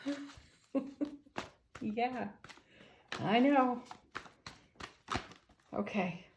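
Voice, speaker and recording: A woman's voice: fairly high pitch, extremely slow, background noise. Enthusiastic woman reading tarot, roomy echo. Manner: gentle, enthusiastic, affirming. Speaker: tarot reader.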